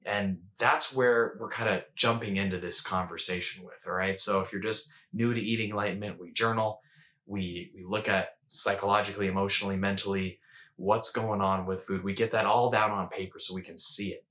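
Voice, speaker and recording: A man hosts a casual coaching talk, speaking conversationally and repeating words, often checking in with a rhetorical "right?". His voice is on the low side, fairly even in intonation, a little fast, and bright with a forceful tone.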